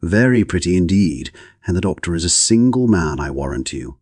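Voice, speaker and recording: Nosy jolly old lady teasing away, storybook voice, man reading her low and husky. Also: big pitch swings, moderate pace, darkish tone, no room sound, clean studio sound, full character voice.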